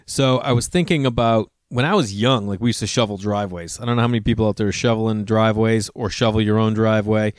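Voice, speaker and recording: A middle-aged man talks casually as a podcast host, wandering through stories with plenty of restarts. His voice is smooth and resonant, recorded dry and close with no room sound. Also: on the low side, fairly even intonation, fast, hardly any pauses, no echo. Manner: rambling storyteller, frequent fillers and restarts. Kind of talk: casual chat with read ad.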